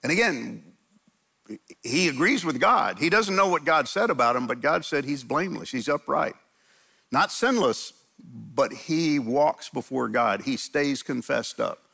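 Gravelly-voiced animated man preaching. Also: mid-range voice, a little slow. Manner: animated storytelling, acts out quotes. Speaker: pastor. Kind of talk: conversational sermon. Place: church sanctuary.

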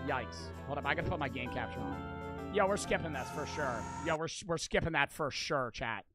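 Crude joking streamer with high voice. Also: male voice. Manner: crude, joking, quick to curse and shout. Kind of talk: live gameplay commentary. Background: game music.

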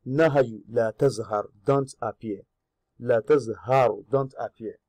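A man's voice: medium pitch, a little mellow, no echo. Man teaching grammar, dry close sound. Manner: repeats Arabic words slowly, then glosses them in English; asks rhetorical questions to the learner. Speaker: Arabic teacher. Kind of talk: grammar lesson.

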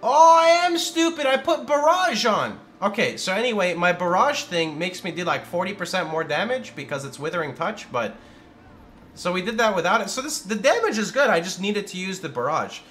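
Excitable male game streamer, lively swooping delivery, yells commands, swears freely. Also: sits high, brisk, soft background music. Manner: excitable, yelling out moves, swearing and laughing. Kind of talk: live gameplay commentary. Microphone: studio condenser microphone.

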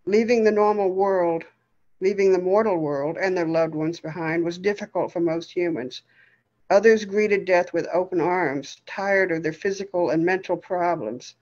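A woman storyteller reading a story aloud in a steady, expressive way. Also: fairly low pitch, moderate pace, highs cut off.

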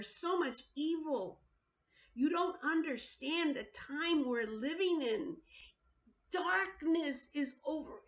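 A woman's voice: sits high, fairly bright tone. A woman preaching in a video sermon, urgent and pleading, often repeating her words.

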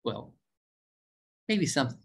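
A man's voice: unhurried, a bit bright. A man giving an informal diet lecture as a doctor, talking in a folksy, emphatic way, joking and repeating words for emphasis.

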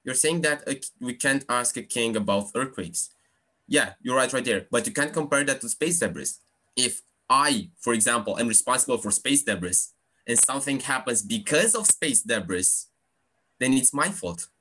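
A man's voice: mid-range voice, lively intonation, moderate pace, pushed and bright. A young man, a student debater, arguing his point insistently in a live rebuttal on a video call. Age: teenager or young adult. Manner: insistent, argumentative. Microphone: computer mic on a video call.

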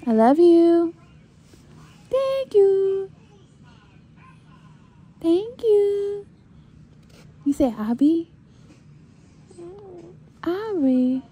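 A mother gently coaxing her young son to say words, repeating them softly, in a hospital room. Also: very high voice, sing-song, extremely slow, long pauses, muffled recording. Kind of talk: baby talk with her son.

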